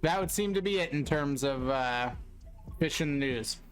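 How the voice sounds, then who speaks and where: A man's voice: a little high, normal speed, faint music behind. A man casually commenting on fishing news during a live stream, with offhand, wry reactions and mild swearing.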